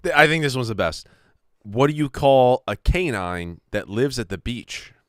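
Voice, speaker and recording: A man telling corny jokes in a casual podcast chat, playful and quick to laugh. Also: medium pitch, expressive, dry recording, studio quality.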